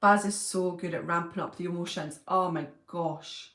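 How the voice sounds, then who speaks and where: Chatty woman with a gravelly edge. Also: lowish voice, steady tone, moderate pace, fairly bright tone, roomy sound. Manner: chatty and effusive, reads out and answers comments. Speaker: livestream host reading viewer comments. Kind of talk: casual chat.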